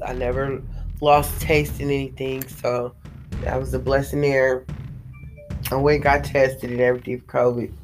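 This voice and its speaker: A worn-out woman with a hoarse voice talks casually and profanely to her viewers, rambling with plenty of fillers. Faint music plays behind her. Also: extremely low pitch. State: tired and hoarse after a week of illness. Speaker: vlogger.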